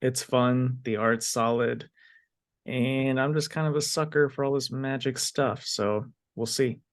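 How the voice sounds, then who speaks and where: A man co-hosting a podcast, chatting casually about comic books in a relaxed, unhurried way with frequent fillers. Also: mid-range voice, no room sound. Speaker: podcast co-host. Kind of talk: casual comic book review chat.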